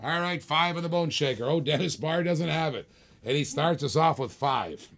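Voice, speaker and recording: A man's voice: a little high, normal speed, fairly bright tone. A man hosting a live-streamed auction, calling bids in a chatty, joking way and repeating each bid.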